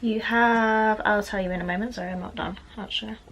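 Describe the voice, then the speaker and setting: A woman's voice: mid-range voice, fairly even intonation, a little fast, muffled recording, background noise. A young woman giving a casual tarot card reading from the floor of her bedroom at home, chatty and apologetic, a little out of breath and easily distracted. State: slightly out of breath. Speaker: tarot reader.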